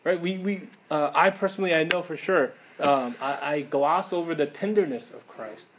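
A man's voice: fairly high pitch, normal speed, a bit bright, slight background noise. A man preaching a casual sermon in a conversational way, with many fillers and frequent tag questions.

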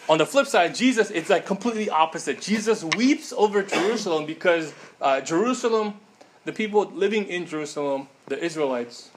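A man with a slightly higher voice gives a relaxed, conversational sermon, peppering it with fillers and "right?" tag questions. A faint hiss sits under the recording. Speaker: preacher. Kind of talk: casual sermon.

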